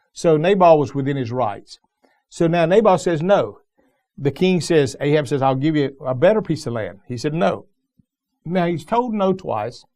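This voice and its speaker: A man's voice: a little high, darkish tone. A middle-aged male pastor preaching a sermon in a folksy, plain-spoken storytelling way, with emphatic asides.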